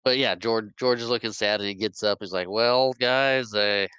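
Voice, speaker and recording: A man's voice: fairly low pitch, fast talker, pushed and bright, smooth, dry recording, rough recording. A man co-hosting a podcast, rambling through a casual film recap and laughing often. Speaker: podcast co-host.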